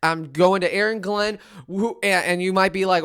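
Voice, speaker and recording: A young man ranting as a fan on a sports podcast, frustrated and swinging into loud outbursts. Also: high-pitched, fairly even intonation, normal speed, smooth. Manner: exasperated rant with sudden loud outbursts.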